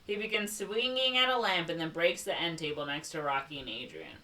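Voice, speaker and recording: A woman's voice: low voice, brisk, sharp tone, far from the mic, low-quality recording. A woman with a Chicago accent co-hosting a podcast, reading a plot summary aloud and breaking off for sarcastic asides. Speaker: podcast co-host. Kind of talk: casual movie recap podcast.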